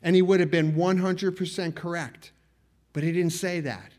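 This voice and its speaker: A man preaching a sermon at an evening church service, earnest, slowing down and rising for emphasis. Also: high voice, fairly even intonation, a little mellow. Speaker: pastor.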